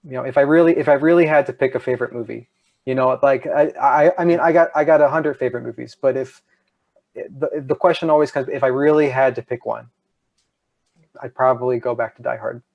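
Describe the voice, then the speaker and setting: A man's voice: medium pitch, fairly even intonation, a little fast, gravelly, highs cut off. A man talking casually as a podcast guest, enthusiastic and often restarting his sentences.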